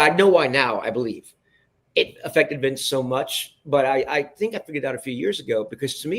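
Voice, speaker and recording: A man telling behind-the-scenes stories as a guest on an interview show. He speaks in an animated, restarting way, often turns to address the listeners, and sits at a middle pitch for a man. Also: slightly rough. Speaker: guest, television producer. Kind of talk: storytelling in a podcast interview.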